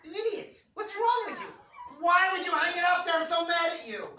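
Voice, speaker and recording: Man doing a shrill exasperated wife, scolding, echoey room, distant mic. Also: a little fast, pushed and bright, a little hiss or hum. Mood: angry scolding.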